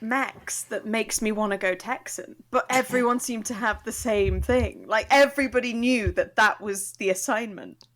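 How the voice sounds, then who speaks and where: A woman co-hosting a podcast, chatting casually in an excitable way. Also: a little high, normal speed, hardly any pauses. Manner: excitable, laughing, reactive. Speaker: podcast co-host.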